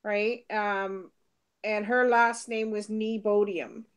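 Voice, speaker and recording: A woman's voice: medium pitch, steady tone, a crowd in the background. A woman chatting casually as a guest, agreeing readily, laughing often and filling her speech with "like" and "um". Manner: agreeable, quick to laugh, lots of "like" and "um". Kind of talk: casual chat.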